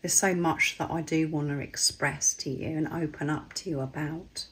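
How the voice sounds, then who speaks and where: A woman with a slightly hoarse, husky voice, earnestly channeling a spiritual message and speaking in soft, repeated phrases. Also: deep voice, steady tone, normal speed, low-quality recording. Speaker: spiritual card reader.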